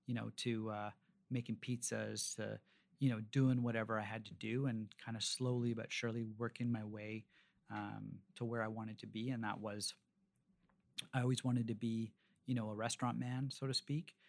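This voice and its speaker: A man's voice: lowish voice, flat delivery, moderate pace, creaky. A man in his forties, a restaurateur from Canada, telling long rambling stories in a casual interview, with plenty of fillers and restarts. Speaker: restaurateur guest.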